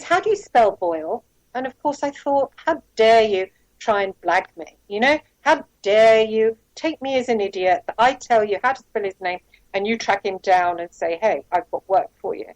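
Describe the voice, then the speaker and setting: A woman's voice: on the high side, normal speed, no room sound, rough recording. Candid woman telling her story. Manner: candid, rambling, with asides and quoted dialogue. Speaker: interview guest, former private investigator.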